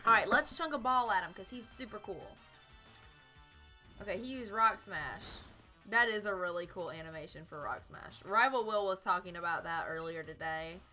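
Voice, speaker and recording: A woman's voice: medium pitch, moderate pace, pushed and bright, faint music behind. A young woman from South Carolina, chatting and giggling through a live game stream. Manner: bubbly, giggly, chatty with chat. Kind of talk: live gameplay commentary.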